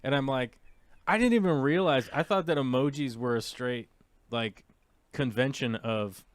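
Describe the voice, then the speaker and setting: A man hosting a casual live talk show, rambling and animated with mocking asides. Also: mid-range voice, normal speed, no room sound. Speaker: podcast host.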